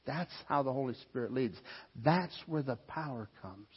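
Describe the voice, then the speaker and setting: A pastor preaching a sermon, telling a personal story and rising to loud, urgent bursts. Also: male voice, mid-range voice, animated, moderate pace, slightly rough, long reverb tail, muffled recording. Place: church.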